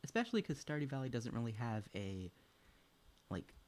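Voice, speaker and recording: A man's voice: mid-range voice, sing-song, moderate pace, darkish tone. Rambling young man streaming a farming game. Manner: rambling, swears often, laughs between thoughts; talks to a pet and chat while playing. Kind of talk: casual gaming chat.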